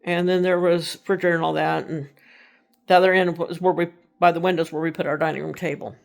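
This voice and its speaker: A woman's voice: on the low side, little pitch movement, fast talker, gravelly. A middle-aged woman casually telling a personal ghost story, rambling and correcting herself as she goes. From Texas. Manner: rambling, self-correcting, conversational.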